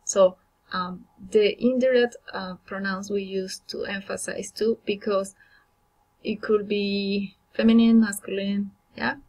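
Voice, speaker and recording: A woman's voice: medium pitch, steady tone, unhurried, a little mellow, low-quality recording. Woman teaching grammar with many fillers. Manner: explanatory, many fillers and restarts. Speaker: Spanish teacher. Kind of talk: recorded grammar lesson.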